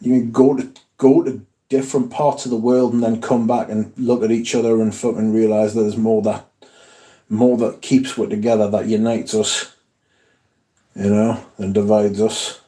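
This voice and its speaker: A man with a mellow, warm, relaxed voice hosts a casual livestream from home. He rambles, swears freely and reads viewer comments aloud between his own asides. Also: fairly low pitch, moderate pace. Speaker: fragrance livestream host.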